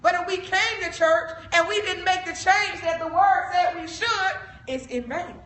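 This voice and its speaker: Fervent woman preacher, high bright voice. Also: unhurried, slight background noise. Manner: fervent, rising to shouts, talks to young people. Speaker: evangelist. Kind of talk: church exhortation. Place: church sanctuary. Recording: echoey church, mic from a distance.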